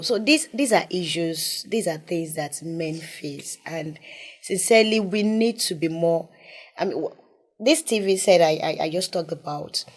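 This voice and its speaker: A woman, speaking earnestly as a guest in a conversational interview and often dropping to softer tones. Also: fairly low pitch, a little slow. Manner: earnest, emphatic, drops to soft tones. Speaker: guest, mental health advocate.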